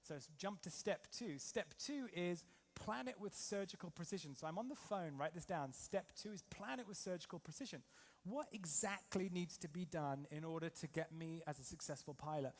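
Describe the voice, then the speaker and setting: A man from England giving an energetic motivational seminar to a live audience, quizzing the crowd with rhetorical questions. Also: on the high side, moderate pace. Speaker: trading coach and seminar speaker.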